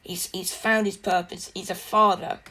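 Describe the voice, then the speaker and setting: A woman's voice: mid-range voice, fairly even intonation, moderate pace, pushed and bright. A young woman giving a casual spoken movie review, chatty and rambling with lots of fillers and restarts.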